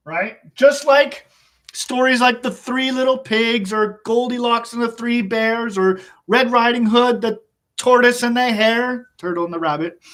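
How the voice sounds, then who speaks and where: Animated man teaching by storytelling. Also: sits high. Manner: animated, laughs often, asks the listeners questions. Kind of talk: storytelling in a public speaking lesson.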